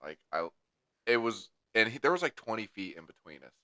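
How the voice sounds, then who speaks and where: A young man in casual podcast chat, rambling and crude, swearing through a long story. His voice sits a little low but comes across bright and forceful. The sound is dry and close. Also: very animated, brisk, dry recording. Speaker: podcast co-host.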